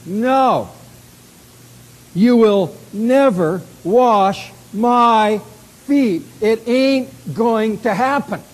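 Man doing impetuous male disciple, indignant, stubborn, loud, raised high voice, emphatic. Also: exaggerated voice.

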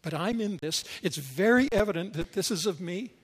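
A man voicing a calm, patient male teacher who reassures gently but firmly, in his own fairly high voice. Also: normal speed, slightly rough. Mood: reassuring.

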